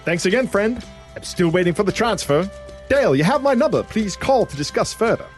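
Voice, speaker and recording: A man voicing a chummy, gullible scam target in a put-on Australian accent, pitched high and bouncy. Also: wildly swooping pitch, fairly quick, soft background music. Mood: gushing eager.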